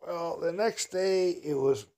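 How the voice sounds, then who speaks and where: A man's voice: on the high side, takes it slowly, a little mellow. A man telling a casual personal anecdote in a folksy, rambling way, chuckling at his own story.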